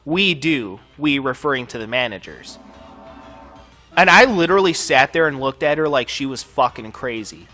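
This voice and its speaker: A man's voice: medium pitch, animated, moderate pace, pushed and bright, faint music behind. A man hosting a gaming channel, telling a long personal story over gameplay in a casual, profane, ranting way full of filler words.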